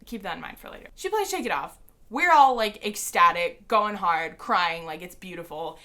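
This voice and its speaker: A young woman vlogger excitedly recounting an experience to camera in casual chat, peppering her speech with "like.". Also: fairly low pitch, normal speed. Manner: gushing, excited fan recounting a concert.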